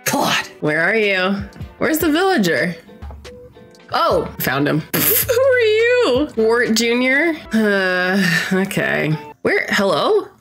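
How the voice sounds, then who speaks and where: A young female gaming streamer chats casually over her own gameplay, reacting and laughing a lot. Her mid-range, fairly bright voice swings widely in pitch, and she takes her time. Faint game music plays behind her.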